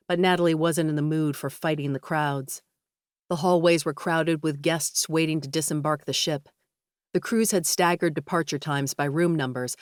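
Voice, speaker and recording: A woman narrating an audiobook in an even, measured reading. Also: low voice, no room sound, clean studio sound. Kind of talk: scripted narration.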